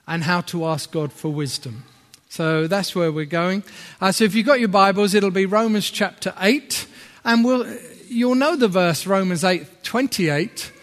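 High-voiced northern English preacher in a hall. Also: male voice. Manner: chatty and self-deprecating, with asides. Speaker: visiting preacher. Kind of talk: sermon. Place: church hall. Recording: long hall reverb.

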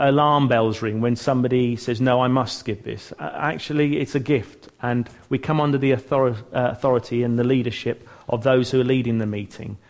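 Earnest, chatty man teaching church. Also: mid-range voice. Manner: chatty and earnest, with frequent restarts and self-mocking humour. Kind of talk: informal church teaching talk.

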